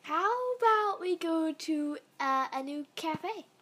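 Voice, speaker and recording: A woman's voice: extremely high pitch, lively intonation, slow, fairly bright tone, pitched above the performer's own voice, heavily acted. A woman voicing a young female dragon, a fed-up big sister who speaks in an exasperated, pleading way.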